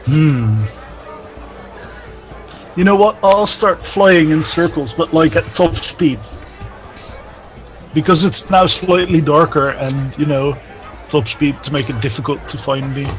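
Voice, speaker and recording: A man with a slightly higher voice plays a tabletop game in a relaxed, casual way, often restarting his sentences. Faint music plays in the background. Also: takes it slowly, long pauses, poor audio. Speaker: player.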